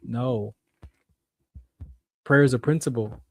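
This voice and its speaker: A man's voice: mid-range voice, slow pace, no room sound. A man hosting a radio show, giving an emphatic, repetitive faith talk monologue in a preacher-like way.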